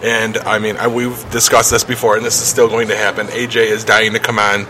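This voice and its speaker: A man with a bright, sharp tone chats on a podcast, stumbling and repeating words as he starts his sentences. His pitch is middling. Faint noise sits behind him. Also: flat delivery, fairly quick, poor audio. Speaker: podcast co-host. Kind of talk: casual podcast chat.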